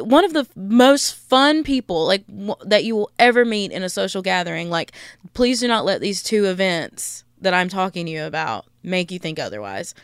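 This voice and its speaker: A young woman hosting a podcast, telling a story in a blunt, profane, animated rant. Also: lowish voice, smooth, dry recording, studio quality. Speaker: podcast host.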